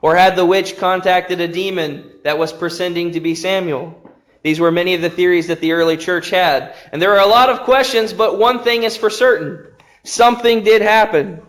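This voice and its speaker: A man preaching an earnest, emphatic sermon in a church. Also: sits high.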